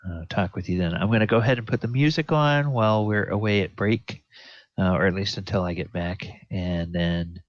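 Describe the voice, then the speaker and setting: Slow, halting man running the game. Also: low-pitched, creaky, no echo. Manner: slow, halting, many fillers. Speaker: game master. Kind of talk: narrating a tabletop game. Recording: dull lo-fi audio.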